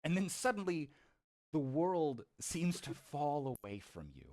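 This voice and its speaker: A man's voice: fairly high pitch, big pitch swings, measured pace, a little mellow. A man narrating a tabletop game as game master, playful and often laughing. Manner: playful, laughing, with frequent restarts.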